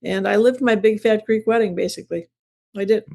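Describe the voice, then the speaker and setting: A woman's voice: medium pitch, steady tone, fairly quick, creaky, a little mellow. A woman in her seventies from the Chicago area, a comedian chatting as an interview guest in a rambling, self-deprecating storytelling way. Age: 70s. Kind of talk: casual interview chat.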